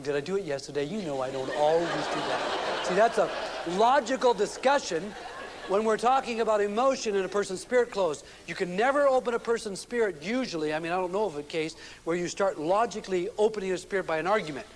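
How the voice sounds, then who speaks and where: A man giving a seminar talk on relationships to a live audience, telling stories and acting out the dialogue in them. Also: sits high. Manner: storytelling, acts out quoted dialogue. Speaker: relationship speaker. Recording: long reverb from a hall, faint noise.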